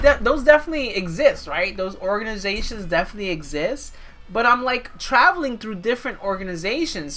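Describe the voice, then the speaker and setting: Woman game streamer, casual amused chatter, bright, lowish voice. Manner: chatty, amused, thinking aloud. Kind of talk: casual gameplay commentary.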